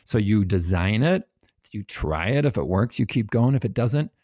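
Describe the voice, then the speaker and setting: A man being interviewed as a guest, calmly and patiently explaining ideas with everyday examples. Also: on the low side, normal speed, dry recording. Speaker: guest, habits researcher. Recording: dull, dry, lo-fi sound.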